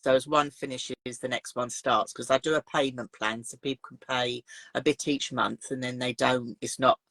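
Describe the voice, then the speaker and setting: A woman's voice: very deep voice, steady tone, normal speed, a bit bright, dry recording. A woman, a craft teacher chatting in an interview and explaining her retreats in chatty detail. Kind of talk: casual interview chat.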